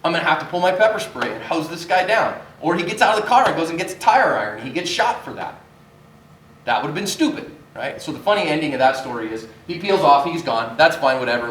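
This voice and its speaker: A man's voice: fairly high pitch, a bit bright. A man in his forties teaching a self-defense class, talking in a conversational, storytelling way to a live group. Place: church meeting room. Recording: echoey room, distant mic, faint noise.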